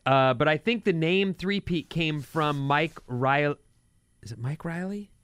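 Male morning radio co-host, resonant, relaxed chat and news reads. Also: a little high, unhurried, clear, resonant tone, dry recording. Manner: conversational, reads sponsor copy and sports news.

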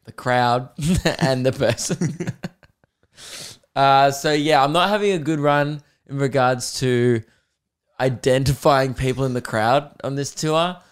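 A podcast host, a twenty-something Australian man, chats casually and spins laid-back stories at his own expense. He speaks slowly in a smooth, medium-pitched voice.

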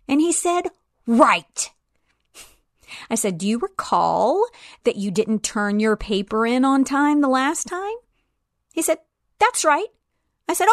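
In a clean studio recording without echo, a woman instructs parents on scripture at a measured pace. As she recounts a story, she performs the students and the professor, her pitch jumping animatedly between them.

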